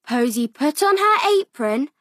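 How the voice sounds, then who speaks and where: A woman reading a picture book aloud for small children, slow and expressive. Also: high voice, noisy background. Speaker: children's story reader.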